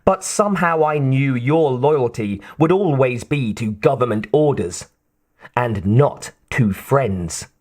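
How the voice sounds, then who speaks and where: A man voicing a treacherous male villain who speaks low, slow and sly. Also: animated, a little mellow. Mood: mocking. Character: smooth treacherous male villain, cool and mocking.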